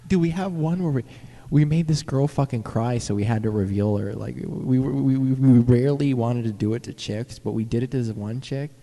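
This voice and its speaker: A young man telling a rambling, profane story, excited and stumbling over his words. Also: medium pitch, moderate pace, in a large hall. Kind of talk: casual profane anecdote.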